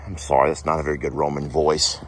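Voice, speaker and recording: A man's voice: a bass voice, little pitch movement, quick pace. A man hosting a casual vlog, chatty and playful, teasing himself as he talks. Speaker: host.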